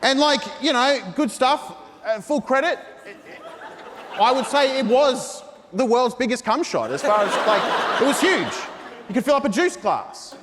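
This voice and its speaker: A man's voice: extremely high pitch, very animated, unhurried, crowd noise, background noise. A man doing a stand-up comedy set in a mock-earnest, ranting style. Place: large theatre stage. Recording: live hall recording with reverb.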